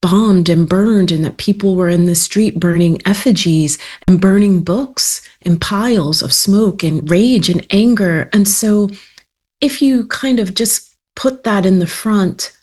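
A woman's voice: mid-range voice, unhurried, dark tone. A woman interview guest speaking reflectively and earnestly. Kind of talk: interview answers.

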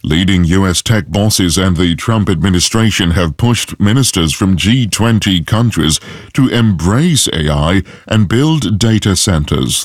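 A man reading a scripted news bulletin in a measured, formal way at a close studio mic. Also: sits low, no echo. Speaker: newsreader.

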